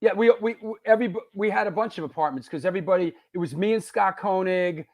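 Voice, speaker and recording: A man on a live chat show telling a story in a casual, excited way, often laughing and calling people bro and dude. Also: high voice, fast.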